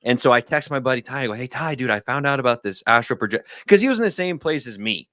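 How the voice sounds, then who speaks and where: A man in his thirties chatting casually on a livestream. He rambles through personal stories and acts out his friends' lines in a higher voice. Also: expressive, fast talker, a bit bright, no echo, clean studio sound. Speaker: guest. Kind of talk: casual storytelling conversation. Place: home studio.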